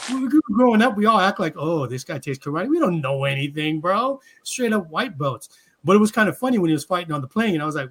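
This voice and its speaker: A man's voice: on the high side, fairly bright tone. A man co-hosting a casual podcast chat, with a laid-back, slangy way of talking. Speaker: podcast co-host.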